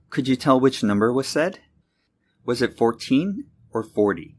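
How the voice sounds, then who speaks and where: A man giving a scripted pronunciation lesson, speaking clearly and slowing down to model each word. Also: medium pitch, very animated. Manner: clear, deliberate, slows down to model words. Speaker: English teacher.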